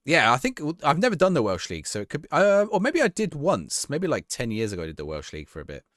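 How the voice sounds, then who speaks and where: Young man, live game streamer, lively pitch, dry close sound, rambling chat. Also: quick pace, no room sound. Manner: chatty, rambling, laughs easily. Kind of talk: casual gameplay commentary, reading chat.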